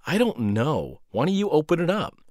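A man's voice: fairly high pitch, big pitch swings, moderate pace, darkish tone, no room sound, clean studio sound, pitched above the performer's own voice. A man voicing a terse, mildly annoyed old man who owns a radio station, in a read-aloud story. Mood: curt. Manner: curt, a bit annoyed.

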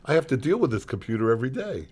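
A man's voice: medium pitch, very animated, rapid-fire, darkish tone, breathy edge. A man hosting a radio show, trading casual banter with his co-host in a dry, teasing, mock-offended way.

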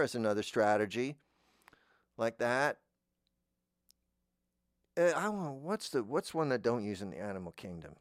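Dry-voiced man rambling deadpan. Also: normal speed, pauses often, dry recording. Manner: meandering, deadpan, trails off into mumbles; jumps into high squeaky voices for imagined speakers. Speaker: podcast host. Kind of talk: rambling comic monologue.

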